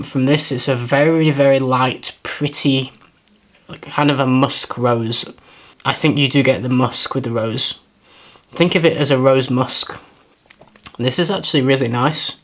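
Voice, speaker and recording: Hesitant, thoughtful man reviewing scents. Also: medium pitch. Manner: thoughtful, hesitant, self-deprecating, repeats words while searching. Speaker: fragrance reviewer. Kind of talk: casual product review.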